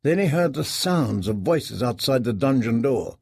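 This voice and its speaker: A man reading an audiobook in a measured, grave storytelling manner. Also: medium pitch, expressive, creaky, a little mellow, husky, dry recording, studio quality. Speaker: narrator. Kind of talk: scripted audiobook narration.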